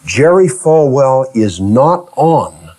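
Delivering a sermon in a slow, sing-song manner, a man reads scripture and acts out its characters in ordinary speech, swinging from quiet low stretches to loud high outbursts.

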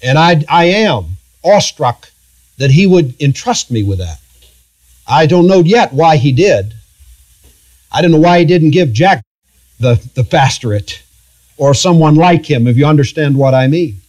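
A middle-aged man pastoring a church, preaching a sermon in an earnest, halting, confessional way with frequent restarts. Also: a little high, animated, a little mellow.

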